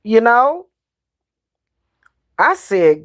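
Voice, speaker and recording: Give me a woman psychic, chatting slowly in a slangy, profane way. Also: on the low side. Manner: slangy, loose and profane, laughs often. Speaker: spiritual reader and spellworker. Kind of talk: casual livestream chat.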